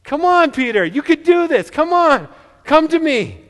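A man's voice: very high voice, sing-song, a little slow, fairly bright tone, pitched above the performer's own voice, exaggerated voice. A man voicing an encouraging grown man who grins and beckons, coaxing in a playful way. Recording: long reverb of a large hall.

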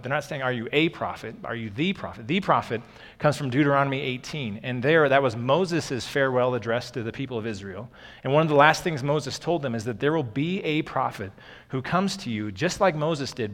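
A man gives a sermon in a relaxed, conversational way, stopping for asides and often repeating words. His voice sits at an ordinary middle pitch. It rings out with the long reverb of a church hall. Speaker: pastor.

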